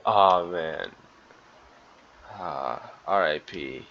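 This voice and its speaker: A man talks through a game in casual commentary, with loose, profane, emotional reactions. His voice sits low. The recording is dull and lo-fi. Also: unhurried, pauses often, a bit bright. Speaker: let's-play gamer. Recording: dull lo-fi sound.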